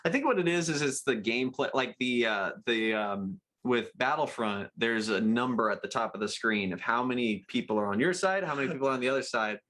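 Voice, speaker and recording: A man's voice: medium pitch, expressive, a little fast, few pauses, a bit bright. Young male podcast guest, rambling and self-mocking, mid-range voice, casual. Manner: rambling, laughs at himself, acts out quotes. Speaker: guest, gaming channel co-host.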